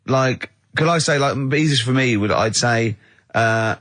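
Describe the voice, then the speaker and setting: A man's voice: medium pitch, moderate pace, a bit bright, no echo. Giggly teasing male radio host. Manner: giggly, teasing, breaks into laughter. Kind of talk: casual radio banter. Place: radio studio. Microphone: studio microphone.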